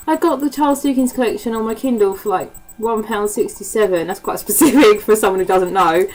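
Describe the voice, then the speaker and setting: A woman with a Cockney accent talks casually to camera in an easygoing, rambling way. She swears freely and fills her talk with ums and little asides. Her voice sits in a middle pitch. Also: fairly quick, few pauses, darkish tone, a little hiss or hum, poor audio. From East End of London. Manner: chatty and swears freely, with frequent laughs and fillers. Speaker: vlogger. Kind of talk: casual chat.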